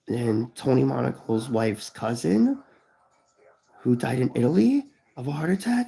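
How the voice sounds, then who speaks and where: A man's voice: medium pitch, expressive, unhurried, gravelly, warm tone, breathy edge, low-quality recording. A man in his thirties talking to viewers on a live stream, grieving, rambling and swearing as he repeats himself. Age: 30s. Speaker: vlogger. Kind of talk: emotional live stream talk.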